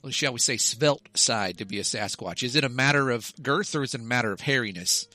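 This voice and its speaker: Dry, wry man with a bright voice. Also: medium pitch, fairly quick, no room sound. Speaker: co-host. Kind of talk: casual comedic chat.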